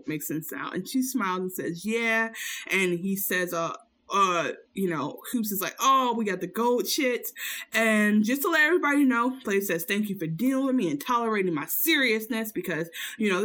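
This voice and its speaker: A woman's voice: mid-range voice, a bit bright. A woman podcaster in casual recap chat, telling the story with acted-out quotes and plenty of swearing.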